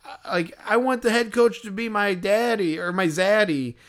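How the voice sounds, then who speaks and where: A man voicing a drunk, belligerent woman of about thirty who yells in a loud, gruff, bassy way. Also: moderate pace. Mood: drunk yelling. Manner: rowdy, badgering, shouted taunts.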